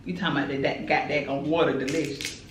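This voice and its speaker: A woman's voice: sits low, fast, background noise. Lady dishing a story over food, chatty and dramatic, echoey room. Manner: animated, chatty, dramatic retelling. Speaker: mukbang host. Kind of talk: casual storytelling while eating.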